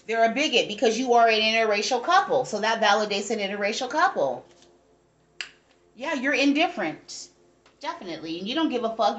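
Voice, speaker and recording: A fairly high-voiced woman, giving a casual tarot reading to her viewers. She talks bluntly and rambles, swearing freely as she goes. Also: fairly bright tone, dull audio. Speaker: tarot reader.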